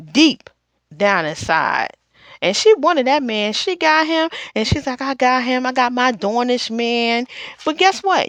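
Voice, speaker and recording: A woman with a fairly high voice recaps a TV episode for her channel. Her pitch swings widely as she jumps between commentary and acting out what the characters said. The sound is close and dry. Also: no echo. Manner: chatty, animated, acts out characters' lines. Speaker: TV episode reviewer.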